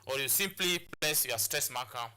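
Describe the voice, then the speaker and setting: Bright-voiced man teaching a lesson. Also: medium pitch, expressive, normal speed. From Kenya. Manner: repetitive, drilling points, many restarts and fillers. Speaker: English teacher. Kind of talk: classroom lesson on a TV show.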